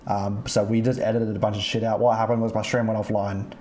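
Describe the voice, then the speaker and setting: A man hosting a casual gaming podcast, telling stories with lots of swearing and animated energy. His voice is mellow and warm at a middling pitch. The room sounds echoey, with a faint hum behind him. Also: fast talker. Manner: profane, animated retelling. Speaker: podcast host. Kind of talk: casual chat, storytelling about gaming. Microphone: streaming mic.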